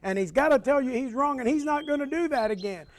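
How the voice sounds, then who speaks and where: A man voicing an angry young mother scolding her son in a told story, pitched higher than his own voice. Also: animated, quick pace, slight background noise. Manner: indignant, accusing.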